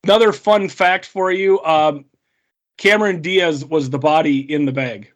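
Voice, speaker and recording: A man's voice: fairly high pitch, measured pace. A man co-hosting a podcast, casually recounting favorite film scenes step by step. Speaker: podcast co-host.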